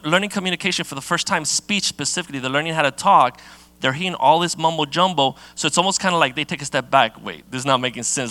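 A middle-aged pastor from giving a sermon in a casual, conversational way, with many fillers and restarts. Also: male voice, fairly high pitch, bright, forceful tone, no room sound.

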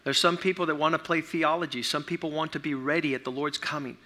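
A middle-aged man preaching a sermon as pastor, energetic and urging his congregation. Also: fairly high pitch, fast.

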